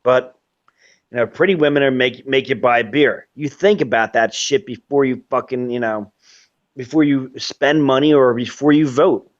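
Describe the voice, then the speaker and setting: A man's voice: medium pitch, normal speed. Profane rambling man, lo-fi. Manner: profane, rambling, frequent fillers. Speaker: host of a webcast. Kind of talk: ranting casual commentary.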